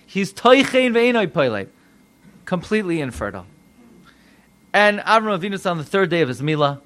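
A rabbi preaching a sermon, animated and full of rhetorical questions to his listeners. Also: high-pitched.

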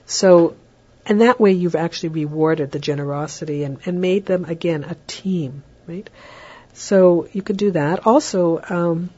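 A woman lectures on raising children in a relaxed, chatty way, now and then slipping into a sing-song voice to show what a parent might say. Her voice sits low and sounds mellow and a bit husky. The recording is dull and lo-fi. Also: measured pace. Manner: warm, chatty, acts out parent lines in a lilting higher voice. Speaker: parenting educator.

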